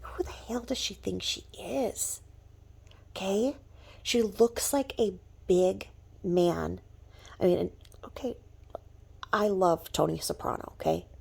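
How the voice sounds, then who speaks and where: A woman's voice: mid-range voice, slow, gravelly, long pauses, darkish tone, husky. A woman ranting in a gossipy vlog, mocking someone and dropping to whispered asides. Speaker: vlogger.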